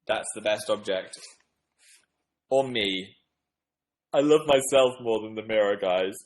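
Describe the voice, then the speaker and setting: A man's voice: fairly low pitch, a little slow, low-quality recording. A young man hosting a casual livestream, reading viewer comments in a playful, self-deprecating, rambling way. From northern England. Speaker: livestream host.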